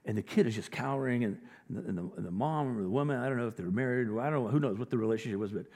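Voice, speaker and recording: A man's voice: mid-range voice, racing, darkish tone. A male pastor giving a sermon, telling stories in a conversational way and rising to emphatic points. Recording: reverberant hall.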